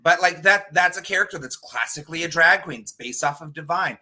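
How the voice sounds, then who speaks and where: Chatty male guest performer, bright and tense tone, slightly high. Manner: animated, chatty, quick asides with fillers. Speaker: guest drag performer and cosplayer. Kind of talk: casual interview chat.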